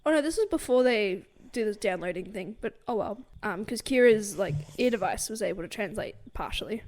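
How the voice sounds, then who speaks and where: A woman's voice: medium pitch, expressive, brisk, a little mellow. A young woman co-hosting a book podcast, recapping a novel in casual chat with lots of fillers and frequent laughs. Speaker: podcast co-host.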